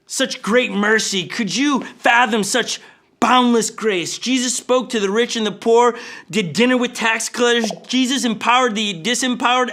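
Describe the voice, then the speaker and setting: A male pastor preaching a sermon in an animated storytelling manner. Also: high-pitched. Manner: animated, storytelling with acted voices.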